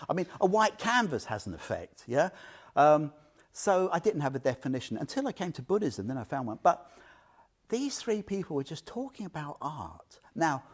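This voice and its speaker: Older man, chatty Dharma talk, lively pitch swings, heartfelt. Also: moderate pace. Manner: chatty, emotional, frequent "yeah?" and "you know". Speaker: Buddhist teacher giving a talk. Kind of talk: informal Dharma talk with personal stories.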